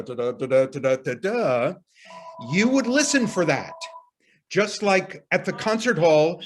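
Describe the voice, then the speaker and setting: A man leading an arts workshop, explaining ideas earnestly in a casual teaching voice, sometimes restarting sentences as he thinks aloud. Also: fairly high pitch. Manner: casual phrasing with occasional mild profanity. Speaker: workshop leader. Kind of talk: teaching talk to workshop participants.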